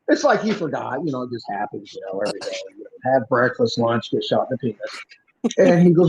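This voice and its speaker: A male podcast host and former police officer telling a story in an animated, punchy way, acting out the dialogue. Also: medium pitch, a little fast. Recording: muffled lo-fi recording.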